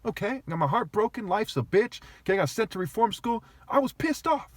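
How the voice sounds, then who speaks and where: A man's voice: sits high, expressive, fairly quick, dry recording. A man talking straight to the camera in an agitated, argumentative rant, swearing heavily and sounding aggrieved. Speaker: vlogger. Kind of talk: agitated ranting monologue.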